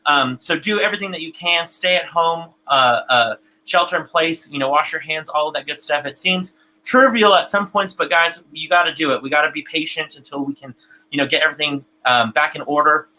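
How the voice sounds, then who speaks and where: A man with a very bright, slightly high voice hosts a live stream, reading viewer comments aloud. He talks in a loose, chatty way, restarting his sentences, and gets emotional as he goes. He sounds like he is on a video call. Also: a little fast, rough recording. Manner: chatty, repeats words often, gets emotional. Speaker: host of an online theater broadcast.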